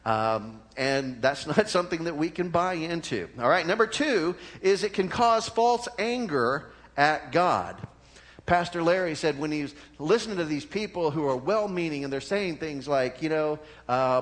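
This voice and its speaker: A middle-aged man preaching a sermon as pastor, earnest and conversational, rising to emphatic peaks and dropping to quiet asides, often checking in with the congregation. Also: normal speed. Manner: swings between raised emphatic peaks and low, quiet asides.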